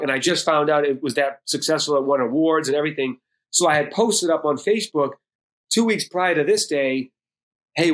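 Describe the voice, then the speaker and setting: A man's voice: a little high, fairly bright tone. A middle-aged man from Boston, a podcast guest telling a personal story bluntly with heavy swearing. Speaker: podcast guest, music producer and DJ.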